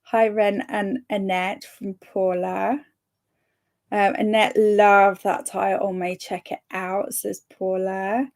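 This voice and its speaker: A woman's voice: medium pitch, flat delivery, takes it slowly, a little mellow. A young woman hosting a live reading stream, chatting casually and reading out viewers' comments, bubbly, laughing often and tripping over her words now and then. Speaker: livestream host of reading sprints.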